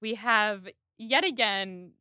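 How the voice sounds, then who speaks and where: A woman hosting a podcast, chatting casually and retelling scenes with quick quoted lines. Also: medium pitch, bright, forceful tone, clear, resonant tone, no room sound, studio quality. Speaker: podcast host. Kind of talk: casual chat recapping a period drama.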